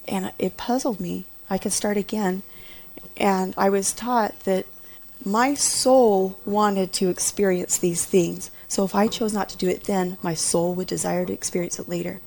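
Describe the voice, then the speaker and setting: Woman, mid-pitched and gravelly, personal testimony, earnest and hushed at times. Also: fairly even intonation, unhurried, a little hiss or hum. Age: adult mother. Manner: earnest, often drops to a hushed whisper. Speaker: storyteller recounting a personal experience.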